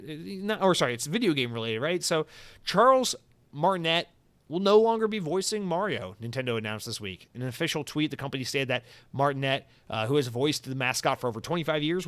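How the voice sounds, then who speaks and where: A man's voice: medium pitch, fairly bright tone, clean tone, no room sound. A young adult man hosting a solo podcast, rambling in a jokey, self-mocking way. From United States. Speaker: podcast host.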